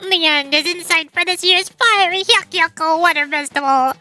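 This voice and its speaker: A bubbly young announcer calling out to the crowd, high-pitched and loud, with showy game-show flair, as a woman reads her lines. Her voice stays lifted and eager. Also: moderate pace, soft background music. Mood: hyped. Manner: bright, showy, hyped. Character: peppy young female event announcer.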